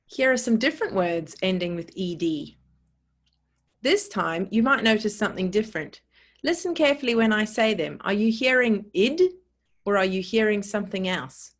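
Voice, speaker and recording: A woman teaching a pronunciation lesson, saying words slowly and clearly, repeating them and spelling them out letter by letter. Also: medium pitch, lively intonation.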